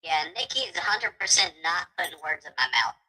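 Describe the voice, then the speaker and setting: A woman's voice: deep voice, very animated, a little fast, bright, forceful tone, poor audio. A woman in casual chat, teasing and laughing a lot.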